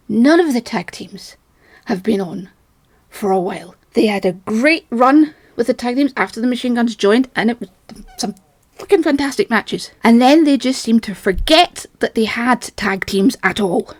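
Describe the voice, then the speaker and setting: A woman's voice: a little high, darkish tone, dry recording. A woman ranting in an agitated, rambling, self-mocking monologue, a little out of breath. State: slightly out of breath. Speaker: vlogger.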